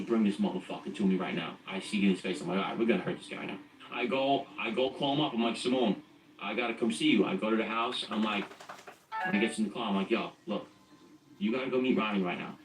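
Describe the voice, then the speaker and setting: A middle-aged man telling his own story as a guest in a blunt, streetwise and profane way. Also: mid-range voice. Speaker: guest recounting his past. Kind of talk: casual spoken storytelling. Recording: echoey, distant from the mic, faint music.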